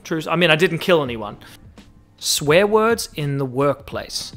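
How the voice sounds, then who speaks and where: Animated Australian man hosting a podcast. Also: a little high, soft background music. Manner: animated, joking, drawn-out stresses on lists. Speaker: podcast host. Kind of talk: casual solo podcast monologue.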